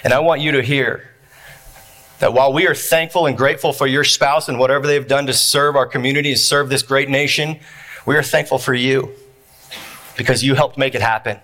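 A man preaching a sermon to his congregation, building points through repeated phrases and dramatic pauses. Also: medium pitch, fairly even intonation, bright, forceful tone. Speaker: pastor. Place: church.

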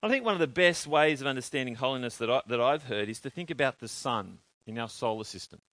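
A man preaching a sermon, in an animated way, asking his congregation questions and answering them himself. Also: mid-range voice, quick pace, dry recording.

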